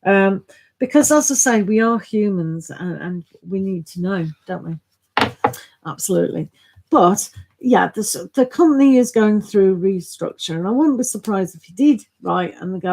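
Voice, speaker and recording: A woman's voice: medium pitch, animated, moderate pace, creaky, warm tone, poor audio. A middle-aged woman hosting a live tarot stream, chatting casually and greeting viewers by name with frequent laughs.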